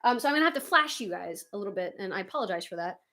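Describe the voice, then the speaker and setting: A woman hosting a livestream, chatting casually with viewers and reading their comments, animated and quick to laugh. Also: medium pitch. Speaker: livestream host.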